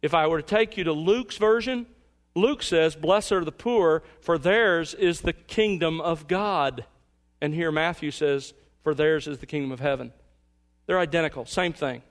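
A man with a somewhat higher voice preaching a verse-by-verse sermon from the pulpit. He speaks in an emphatic, measured way and slows down to lean on the words that matter. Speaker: pastor. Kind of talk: expository sermon.

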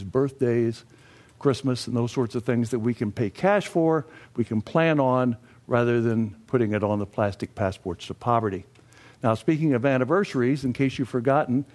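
Older man, folksy classroom instructor, mid-pitched voice, asks the room questions. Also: a little mellow. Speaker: financial education instructor. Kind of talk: classroom lecture.

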